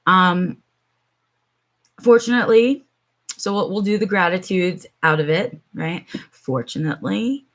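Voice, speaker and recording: A woman's voice: on the low side, unhurried, pauses often. A middle-aged woman chatting on her live stream from home, telling a long story with many ums and asides to her viewers.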